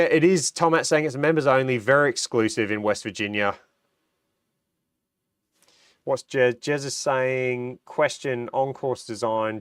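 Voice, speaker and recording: A man's voice: mid-range voice, a bit bright, no echo, clean studio sound. A man hosting a casual livestream. He has a cold, so his voice sounds nasal, and he chats with enthusiasm and answers viewer comments. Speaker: livestream host.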